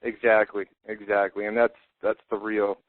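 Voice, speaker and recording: A man's voice: on the low side, level tone, normal speed, dry recording. New york guy rambling on web radio, tinny phone-ish sound, dry. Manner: loose, rambling, cursing, lots of restarts. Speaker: radio show host. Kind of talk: casual radio banter.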